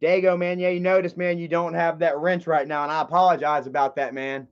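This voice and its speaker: High-voiced, rambling man on a stream. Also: fairly even intonation, a little fast, smooth, highs cut off. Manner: rambling, with many fillers and restarts; agitated and confrontational. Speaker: livestreamer. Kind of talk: casual livestream chat.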